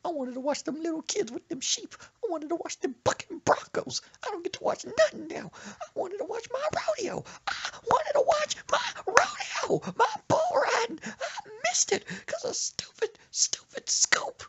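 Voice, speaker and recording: Shrill old grandma, sobbing falsetto, melodramatic, swooping voice, put on by a man. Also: huge pitch swings, normal speed, a bit bright, exaggerated voice. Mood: wailing. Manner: wailing high-pitched falsetto. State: fake crying. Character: old woman, a friend's grandma, dramatic and whiny.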